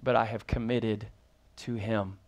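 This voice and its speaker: A man's voice: on the low side, level tone, unhurried. A man preaching as pastor, reading scripture aloud and then explaining it with rising emphasis and questions to the congregation. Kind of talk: sermon.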